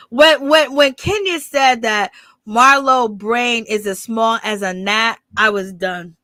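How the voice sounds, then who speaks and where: Bright-voiced woman dishing reality TV gossip. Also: on the high side, slow pace, no room sound. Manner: rambling, blunt and profane. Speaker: channel host. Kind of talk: live gossip commentary.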